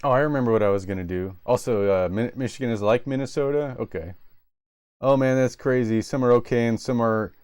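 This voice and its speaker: A man's voice: mid-range voice, a little fast, darkish tone, smooth, dry recording. A man hosting a live stream, chatting casually and rambling, often losing his train of thought. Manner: loose, rambling, trails off. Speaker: streamer host.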